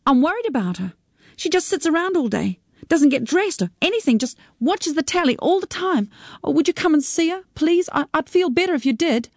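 A woman's voice: sits high, sing-song, a little fast, no room sound, studio quality, pitched above the performer's own voice. A woman reading a story on the radio, voicing a worried young daughter who pleads anxiously. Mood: worried pleading.

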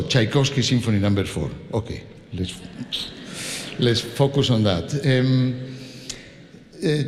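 Spanish-accented conductor in a reverberant hall. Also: male voice, fairly low pitch, a little mellow, slight background noise. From Spain. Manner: chatty, laughing, with many restarts. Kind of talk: informal speech to a concert audience. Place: large concert hall. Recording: long hall reverb from a stage.

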